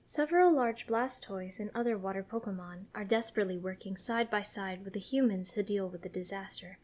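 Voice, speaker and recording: A woman narrates a fan-fiction story in a soft, hushed way. Her voice sits at a medium pitch. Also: fairly quick. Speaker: story reader.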